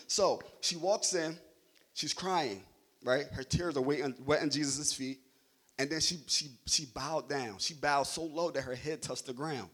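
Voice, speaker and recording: A husky, somewhat high-voiced young man preaching a sermon. He talks conversationally and jokes with the congregation, tagging his points with "right?" as he goes. The delivery is loose and storytelling, more chat than oratory. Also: a bit bright. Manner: conversational, jokey preaching with frequent "right?" checks.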